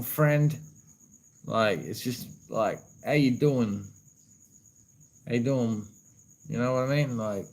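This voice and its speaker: Aussie bloke rambling outdoors at night, chill, swears a lot, crickets chirping behind. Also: male voice, on the low side, low-quality recording. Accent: Australian. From Australia. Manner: laid-back, swears freely, says "you know what I mean" a lot. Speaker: vlogger. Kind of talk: casual chat to camera.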